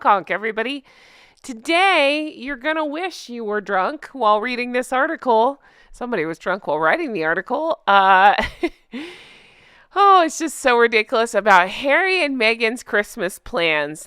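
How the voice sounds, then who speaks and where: Bright, lively woman mocking the news. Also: fairly high pitch, clear, resonant tone, no echo, studio quality. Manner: laughing, mocking, animated. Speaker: host. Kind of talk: sarcastic commentary chat.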